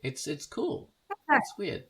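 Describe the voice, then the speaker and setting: A man's voice: high voice, sing-song, slow pace, sharp tone, slightly rough. A man from Canada hosting a podcast, chatting playfully and teasing his co-host. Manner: playful, teasing, puts on silly voices. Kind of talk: casual chat.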